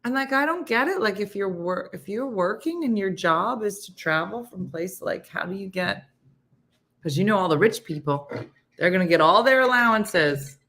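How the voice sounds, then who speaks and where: A woman's voice: medium pitch, normal speed. A middle-aged woman hosting a casual morning chat show, talking loosely and reading viewer comments aloud. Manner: chatty, animated, reads comments aloud. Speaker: host.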